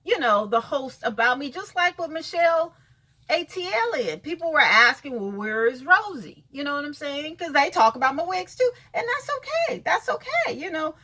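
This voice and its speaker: Animated and sharp, a high-voiced woman from California rants at a moderate pace in a casual vlog. She's blunt and sassy, curses freely, and talks directly to the people she's calling out.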